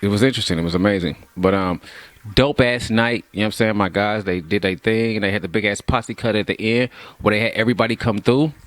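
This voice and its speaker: A man's voice: on the low side, fast talker, no echo. A man rapper from Kansas City telling loose, laughing stories full of slang and cursing. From Kansas City, Missouri, USA. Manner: laid-back, laughing, heavy slang and cursing. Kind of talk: casual profane storytelling.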